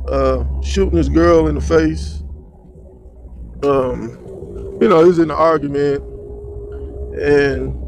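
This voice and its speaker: Gravelly high-voiced man ranting casually. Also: slight background noise. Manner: slangy, rambling, animated. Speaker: news commentary host. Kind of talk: casual solo commentary.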